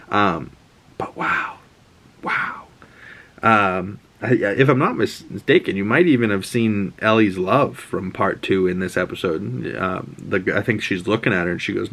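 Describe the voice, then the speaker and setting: Man, lowish voice, casual show recap, excited, rambling, lots of fillers.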